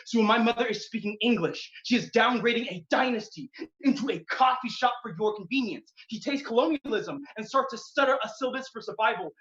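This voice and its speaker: A man's voice: extremely high pitch, bright, forceful tone. A man performing a spoken word poem at a poetry slam, with a rhythmic, emphatic delivery. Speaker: slam poet. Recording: dull, echoey venue recording.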